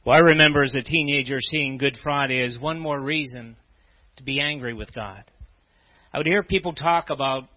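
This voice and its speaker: A male preacher speaks in a middle register, telling his own story and reading scripture slowly and with care. The recording is dull and muffled. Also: mid-range voice, big-room sound. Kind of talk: personal testimony sermon.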